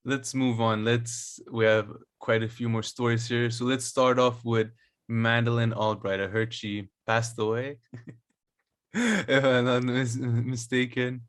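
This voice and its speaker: A man's voice: mid-range voice, flat delivery, measured pace, fairly bright tone, clear, resonant tone, no echo, clean studio sound. Easygoing male podcast co-host. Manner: laughs often, steers the conversation. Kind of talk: casual chat.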